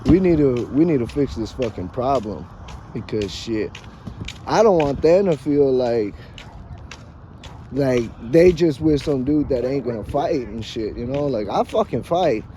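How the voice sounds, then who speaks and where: A man's voice: mid-range voice, expressive, measured pace, warm tone, a little hiss or hum. A man talking in a casual, profane, rambling vlog monologue, emphatic and dramatic with joking asides, recorded outdoors. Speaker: vlogger.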